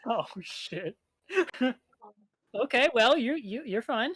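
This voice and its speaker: Laughing, swearing game master. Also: male voice, very high-pitched, lively intonation, very slow, fairly bright tone, husky, dry recording. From US Midwest. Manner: swears freely, laughs often, teasing. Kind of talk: narrating a tabletop game.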